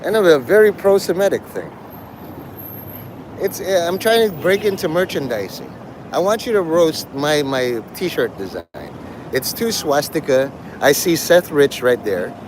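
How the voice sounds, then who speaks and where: A man's voice: fairly high pitch, very animated, unhurried, noisy background. A man streaming live and talking with his chat in a provocative, profane, rambling way. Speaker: livestreamer. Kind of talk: casual livestream chat with viewers.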